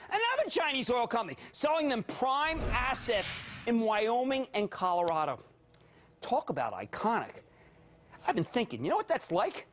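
A man in his fifties with a Philadelphia accent delivers high-energy financial TV commentary. His voice sits very high and leaps wildly up and down. He is theatrical and bursts into shouts between quick jokey asides. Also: huge pitch swings, background noise. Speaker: TV market commentator.

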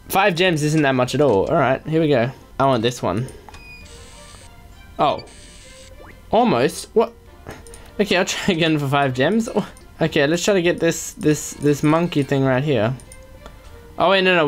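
A man chatting excitedly through a let's-play video, joking as he goes. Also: fairly high pitch. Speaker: gaming video creator.

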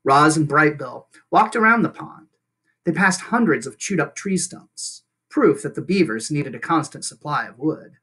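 A teacher reading a children's novel aloud with expressive storytelling. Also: medium pitch, normal speed, husky. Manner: expressive storytelling with lively intonation.

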